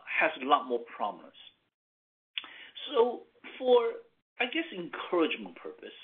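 A man presenting on management roles in a measured, emphatic way, pausing with fillers. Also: fairly high pitch. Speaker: consulting firm executive presenting. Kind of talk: webinar presentation. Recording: tinny phone-like line.

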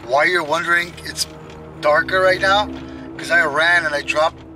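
Scared young guy vlogging outside at night, breathless and hushed, noisy camera mic with cars going by. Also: on the high side, fairly even intonation, moderate pace. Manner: frightened, breathless, hushed and jittery. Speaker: ghost-hunting vlogger. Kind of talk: tense casual vlog narration. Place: outdoors at night by his car. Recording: noisy outdoor camera audio.

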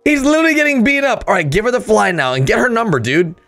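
A man hosting a casual reaction commentary in an excitable way, often bursting into loud laughter and gasps. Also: sits high, racing, faint music behind. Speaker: host.

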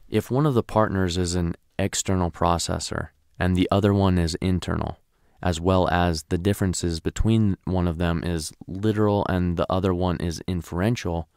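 A man's voice: deep voice, vocal fry, a little mellow, no echo, studio quality. A man teaching a recorded training lecture, conversational and often checking in with "right?".

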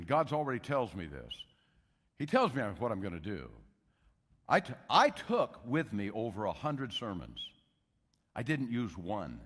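An older man preaching a sermon, telling a story with loud emphasis and hushed asides. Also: on the low side. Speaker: pastor. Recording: long hall reverb.

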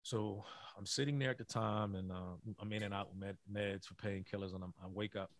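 On a podcast, a middle-aged man who once played college basketball recounts an earnest story, frequently stopping and repeating himself. He has a fairly low pitch with fairly even intonation, and there's no echo.

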